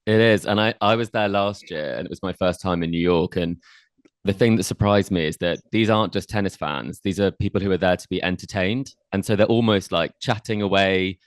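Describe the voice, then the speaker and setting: A man with a very deep voice co-hosting a tennis podcast in a relaxed, chatty way. He fills his talk with ums and I means as he thinks aloud. The recording is dry and close, with no room sound. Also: fairly quick, dry recording. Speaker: podcast co-host. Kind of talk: casual tennis chat and interviewing.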